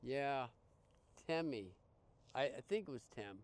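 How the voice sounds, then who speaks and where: Smooth-voiced man telling a rambling story. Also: medium pitch, unhurried. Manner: rambling, full of restarts and fillers, animated quoting. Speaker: podcast guest. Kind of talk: casual storytelling.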